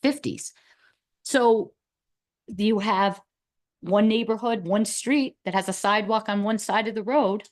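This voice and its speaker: A woman's voice: medium pitch, unhurried, pauses often. A woman speaking at a town committee meeting, thinking aloud in long, looping sentences with restarts. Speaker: committee member. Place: meeting room.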